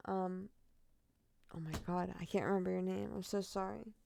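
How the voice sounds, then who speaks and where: A woman's voice: lowish voice, steady tone, moderate pace, vocal fry, warm tone, no echo, clean studio sound. A woman telling true crime stories who rambles candidly and swears freely as she signs off casually. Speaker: true crime storyteller and streamer. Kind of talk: casual sign-off chat.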